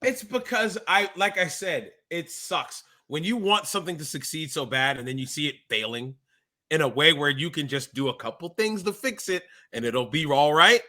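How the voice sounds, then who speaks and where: A man with a bright, forceful voice pitched a little high rants as a worked-up fan. He co-hosts a podcast in casual chat, and his talk is emphatic and exasperated. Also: lively intonation, normal speed. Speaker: wrestling podcast co-host.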